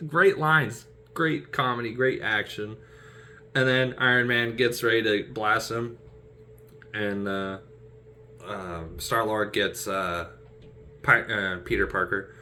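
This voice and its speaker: A man's voice: lowish voice, steady tone, takes it slowly, pushed and bright, slight background noise. A man chatting casually and animatedly about favorite film scenes, laughing often. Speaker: aspiring actor vlogger.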